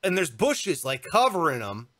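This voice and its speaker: A man's voice: a little high, big pitch swings, normal speed, a bit bright, no room sound, studio quality. A man in his thirties co-hosting a podcast, telling a comic anecdote in casual chat and acting out the voices of the people in it. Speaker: podcast co-host.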